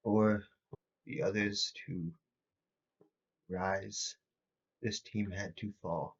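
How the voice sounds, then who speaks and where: A man voicing a cold entity that speaks through a young man in a flat monotone. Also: lowish voice, drawn-out words, gravelly, husky, highs cut off, full character voice. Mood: flat, cryptic.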